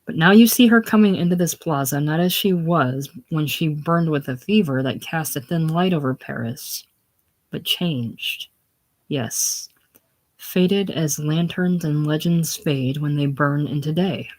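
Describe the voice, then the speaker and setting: A woman's voice: deep voice, unhurried. A woman reading the lines of a pompous older male hotel proprietor, with grand, declaiming delivery. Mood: grandiose.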